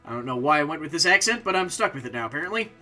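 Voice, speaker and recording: A man's voice: fairly high pitch, very animated, rapid-fire, bright, forceful tone, faint music behind. A man giving casual, offhand let's-play commentary, rambling and full of fillers. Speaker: streamer.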